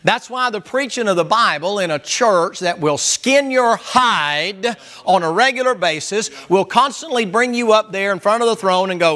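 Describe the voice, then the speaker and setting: High, bright-voiced preacher man. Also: expressive, normal speed. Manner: loud, emphatic, hollering at times. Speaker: pastor. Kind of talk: sermon.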